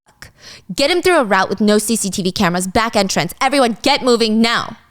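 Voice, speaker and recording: A woman's voice: on the high side, expressive, fairly quick, close to an everyday voice. A woman voicing a domineering male lawyer who barks curt orders and swears.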